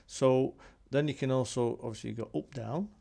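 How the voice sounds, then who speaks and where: A man with a gravelly, creaky edge to his voice talks through a hobby synth tutorial. He meanders as he goes, thinking aloud and filling pauses with ums. His pitch sits in an ordinary middle range for a man. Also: over loud music. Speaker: synth hobbyist demonstrating gear. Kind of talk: casual tutorial walkthrough.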